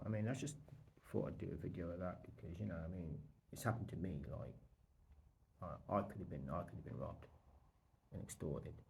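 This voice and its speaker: A British man telling a story to his vlog audience in a casual, rambling way, repeating himself and quoting others in lively bursts. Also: deep voice, vocal fry, a little hiss or hum. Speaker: vlogger.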